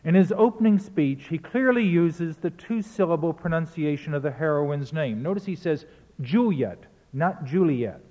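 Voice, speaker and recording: A man's voice: a little high, moderate pace, few pauses, warm tone, in a large hall, lo-fi sound. A man giving a spoken lecture in a precise, pedantic manner, often correcting himself mid-sentence. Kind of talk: spoken lecture on recordings and verse.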